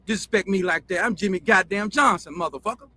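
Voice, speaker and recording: A man's voice: high-pitched, fast talker, pushed and bright. A man acting out a furious, profane middle-aged football coach in a heated, defiant rant. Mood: angry.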